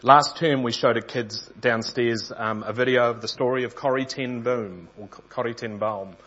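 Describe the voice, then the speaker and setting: A man's voice: mid-range voice, fairly even intonation, normal speed, a bit bright, highs cut off. A man preaching a sermon in an earnest storytelling manner, sometimes restarting phrases.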